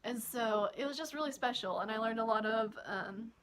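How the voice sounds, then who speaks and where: A woman's voice: a little high, moderate pace, a bit bright, slight background noise. A young woman from Kentucky telling a personal story in a casual, chatty storytime vlog with frequent giggles. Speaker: vlogger.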